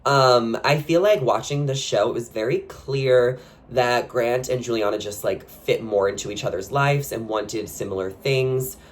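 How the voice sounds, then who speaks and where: A man hosting a reality TV commentary channel, talking casually and gossipily with lots of "like" fillers and sudden jumps in pitch on his questions. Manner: chatty and gossipy, with frequent "like" fillers. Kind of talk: casual opinion commentary to camera.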